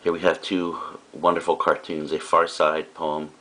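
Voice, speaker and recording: A man's voice: rumbling low, level tone, normal speed, fairly bright tone. A male teacher giving a recorded lecture, explaining in a casual way with frequent fillers and asides.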